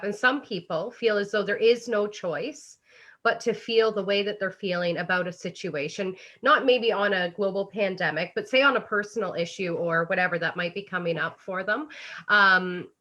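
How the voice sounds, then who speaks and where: A woman's voice: mid-range voice, fairly bright tone. A woman hosting a casual interview, asking long, thoughtful questions and agreeing readily. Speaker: interview host.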